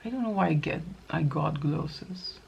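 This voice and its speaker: A woman's voice: deep voice, animated, unhurried, creaky, darkish tone, highs cut off, a little hiss or hum. A middle-aged woman chatting casually through a get-ready-with-me makeup routine, thinking aloud as she applies each product. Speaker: makeup vlogger.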